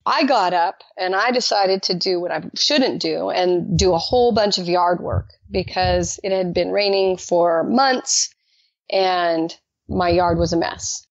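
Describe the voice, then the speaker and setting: A woman guest telling her personal faith testimony in an animated way, acting out the dialogue she quotes. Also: a little slow, no echo. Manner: animated, acts out quoted dialogue with jumps in pitch. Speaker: podcast guest. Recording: dull lo-fi dry recording.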